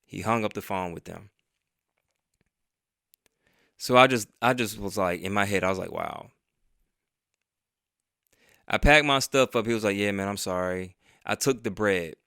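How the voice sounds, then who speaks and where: A man's voice: fairly low pitch, measured pace, long pauses, bright, forceful tone, dry recording, studio quality. A man telling a personal story in a casual, profane storytime monologue, acting out the dialogue as he goes. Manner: conversational and profane, retelling with quoted dialogue. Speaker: vlogger and podcaster.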